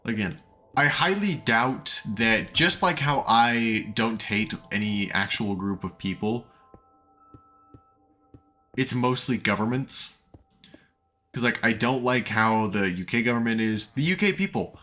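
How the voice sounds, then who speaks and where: A man's voice: lowish voice, takes it slowly, long pauses, sharp tone. A man streaming a game, rambling as he builds and reads chat aloud, his voice tired and sore after hours of talking. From United States. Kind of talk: casual live-stream chat while playing.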